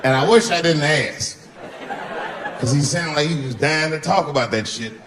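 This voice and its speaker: A man doing stand-up comedy, telling a long profane story in a conversational way, swinging his pitch up for emphasis. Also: moderate pace, a crowd in the background.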